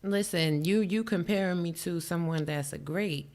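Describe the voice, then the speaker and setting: A woman's voice: fairly low pitch, moderate pace, a little mellow. A woman with a New York accent co-hosting a chat show, brash, profane and boastful in casual talk. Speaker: podcast co-host.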